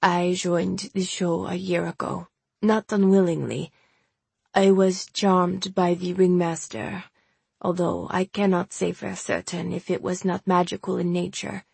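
A woman reading the lines of a tired, frightened man who is a circus clown, speaking weakly in a halting, formal way. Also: fairly low pitch, little pitch movement, vocal fry, darkish tone, slightly rough, no room sound, exaggerated voice. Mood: weak, haunted. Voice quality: weak voice.

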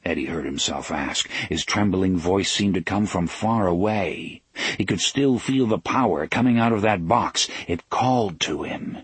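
A man narrating an audiobook in a measured, dramatic storytelling manner, slowing down for emphasis. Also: sits low, expressive, breathy edge, no room sound. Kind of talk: scripted narration.

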